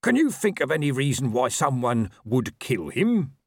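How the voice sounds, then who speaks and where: A man voicing a patient, slow-spoken male zombie constable with a measured manner. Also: medium pitch, sing-song, slightly rough, no room sound, studio quality, voice pushed up.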